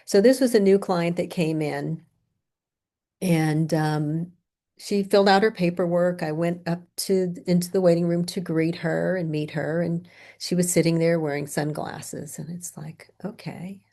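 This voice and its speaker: A middle-aged woman therapist lectures on grief, weaving in client stories at a very slow, unhurried pace. Her voice sits slightly low with a noticeable gravelly fry. She often softens almost to a whisper. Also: steady tone. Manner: soft-spoken, unhurried storytelling, drops to near whispers. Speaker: grief therapist presenting a training.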